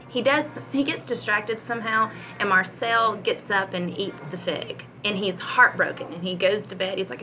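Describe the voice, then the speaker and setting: A woman and homeschooling mom chatting casually on a podcast, retelling a picture book with animated storytelling and frequent laughs. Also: mid-range voice, moderate pace, few pauses, music in the background. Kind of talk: casual chat.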